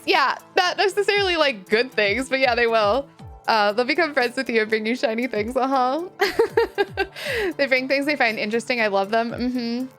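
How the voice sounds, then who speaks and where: Giggly woman streamer, slightly high voice. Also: a bit bright. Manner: chatty, giggly, peppered with "like"; reads viewer messages aloud and reacts. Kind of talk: casual chat with live chat. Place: home room with a window. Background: faint game music.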